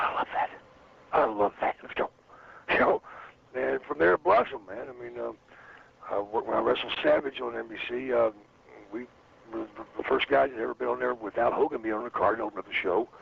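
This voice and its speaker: Here a former wrestler sits as an interview guest, spinning rambling, foul-mouthed tales and voicing the people he quotes. His voice is lowish and gravelly. There's a slight muffling to the recording and a faint hiss of noise.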